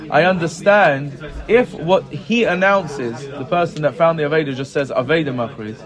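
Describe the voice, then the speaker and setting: A man's voice: on the high side, moderate pace, few pauses. A man teaching a text study class, reading short passages aloud and explaining them in casual English with constant "right? yeah?" checks to his students. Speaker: Talmud teacher. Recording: room with group chatter heard.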